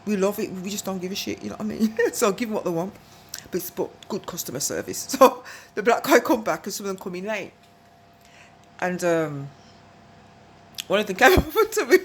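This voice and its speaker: A woman's voice: mid-range voice, sing-song, brisk, a little hiss or hum. A woman tells a long, rambling story to camera, often asking whether you follow and laughing between phrases. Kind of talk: casual storytelling monologue.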